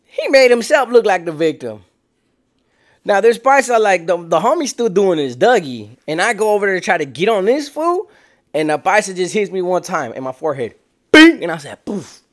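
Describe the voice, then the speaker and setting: A man in his twenties tells a story in loose slang, lively and a little higher-pitched than most men. He throws in sound effects and acts out the other people as he goes. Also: moderate pace. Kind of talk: casual storytelling.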